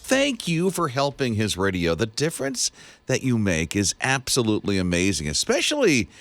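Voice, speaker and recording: A man's voice: medium pitch, huge pitch swings, moderate pace, a bit bright, dry recording, faint music behind. A man co-hosting a morning radio show, bantering in an easygoing, teasing way. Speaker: radio co-host. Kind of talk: casual morning show chat. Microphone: studio microphone.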